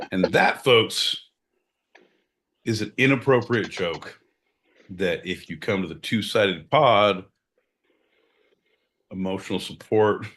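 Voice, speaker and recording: Loud swearing podcast guy, bright punchy voice, goofs around. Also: low voice. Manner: rowdy, profane, mock-announcer outbursts. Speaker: podcast co-host. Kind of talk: casual chat.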